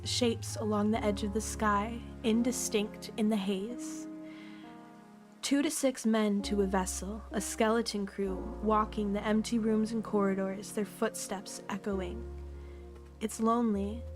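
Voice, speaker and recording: A woman reading a novel aloud on a livestream, calm and unhurried with the odd throat clear, her voice a little worn. Her pitch sits in the middle for a woman, and soft music plays faintly underneath. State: slightly losing her voice.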